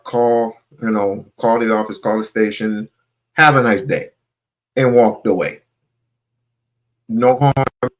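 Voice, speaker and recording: Slow-talking man giving his view. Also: lowish voice. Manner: measured, hesitant with fillers. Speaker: panel speaker. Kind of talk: opinionated talk.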